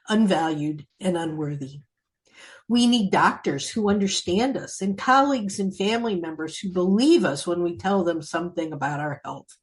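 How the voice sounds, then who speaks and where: A woman hosting a podcast, reading a scripted intro and then chatting with her guest, sometimes dropping to a soft, breathy tone. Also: lowish voice. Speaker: podcast host.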